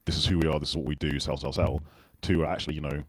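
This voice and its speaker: A man's voice: a bass voice, flat delivery, quick pace, breathy edge, dry recording. A British man hosting a casual livestream chat, rambling and self-deprecating as he talks. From Britain. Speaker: livestream host.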